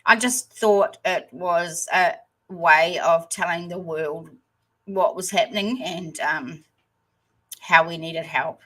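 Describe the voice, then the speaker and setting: A New Zealand woman hosting a casual livestream chat, hesitant and rambling with many pauses. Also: on the low side, fairly bright tone, rough recording. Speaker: channel host.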